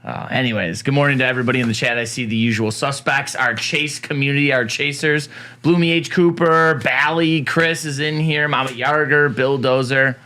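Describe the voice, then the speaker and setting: Bright-voiced upbeat male show host. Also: medium pitch, fairly even intonation, normal speed. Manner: jokey, upbeat, teasing. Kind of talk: casual morning show banter.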